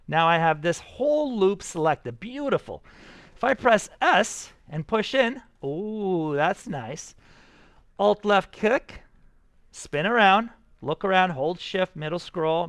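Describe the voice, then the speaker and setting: An upbeat man teaches a class, coaxing his students through every step. His voice sits high for a man. The sound is close and dry, with no room around it. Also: a bit bright, dry recording. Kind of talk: live classroom software tutorial.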